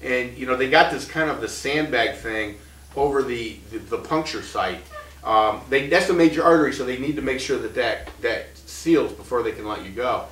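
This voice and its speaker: A man's voice: medium pitch, moderate pace, a bit bright, roomy sound, far from the mic, rough recording. A man in his thirties telling his own story in a casual, rambling way, full of restarts and short laughs. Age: 30s.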